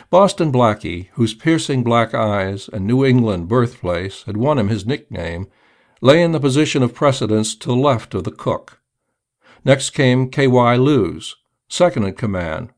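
A man reading a crime story aloud in a measured storytelling manner. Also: mid-range voice. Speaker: narrator. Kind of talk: audiobook narration.

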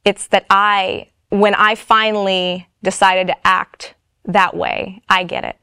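A woman's voice: medium pitch, little pitch movement, takes it slowly, gravelly, pushed and bright, smooth, no echo, studio quality. A woman casually and frankly telling a personal testimony, her speech full of "like" and "you know". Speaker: storyteller.

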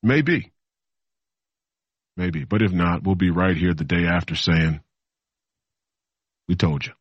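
A man's voice: low voice, expressive, a little slow, husky, dry recording, highs cut off. A man in his thirties hosting a political talk show, delivering a rambling monologue that repeats itself, with mocking asides. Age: 30s.

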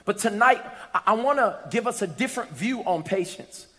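A man preaching a sermon in a church, animated and humorous, pulling the congregation in with questions. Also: sits high, normal speed. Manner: animated, humorous, call-and-response. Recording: echoey hall.

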